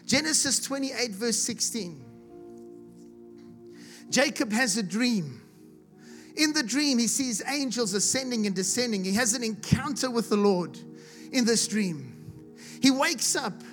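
High-voiced impassioned male preacher. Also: lively intonation, a little slow, long pauses. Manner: impassioned, builds to shouting, repeats "he said". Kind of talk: sermon. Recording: music playing behind the voice.

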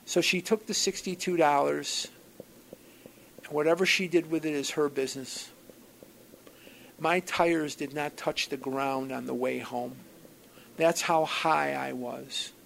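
Gravelly man telling his recovery story. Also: a little high, slow pace, pauses often, a little hiss or hum, rough recording. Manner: animated, wry storyteller who swings from loud outbursts to quiet asides. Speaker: speaker sharing at a recovery program gathering. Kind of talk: personal storytelling talk to a group.

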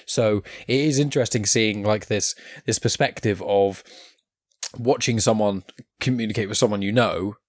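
A man's voice: lowish voice, normal speed, no room sound. A man chatting casually on a podcast, talking in a hesitant, filler-heavy way.

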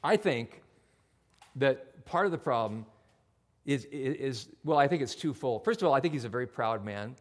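A man preaching a sermon as pastor, in an animated, conversational storytelling way. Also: medium pitch, moderate pace.

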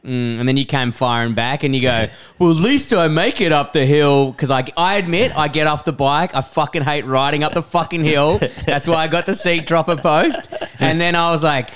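Sweary man, smooth higher voice. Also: brisk, few pauses. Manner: sweary, animated storytelling. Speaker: podcast co-host. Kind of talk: casual chat.

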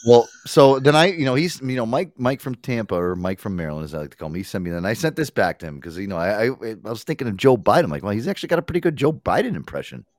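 A man hosts a loose, casual podcast, cursing freely and breaking into laughter. His pitch moves in a lively, animated way. The sound is dry and close. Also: very fast, few pauses, no room sound. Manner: laughing often, swearing, loose and chatty. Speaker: podcast host. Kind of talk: casual chat.

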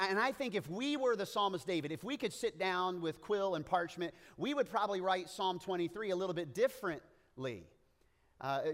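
A man's voice: on the high side, fairly bright tone, in a large hall. Joking man preaching with playful asides. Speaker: pastor. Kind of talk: sermon.

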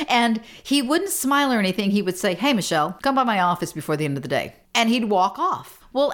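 Middle-aged woman, podcast host, casual storytelling, animated, self-deprecating, laughs a lot, middle pitch.

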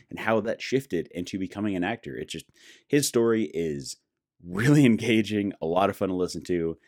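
Low-voiced man from Colorado, upbeat podcast host, dry close room sound. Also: no room sound. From Colorado, USA. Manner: enthusiastic, chatty, frequent laughs. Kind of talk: casual podcast intro and interview.

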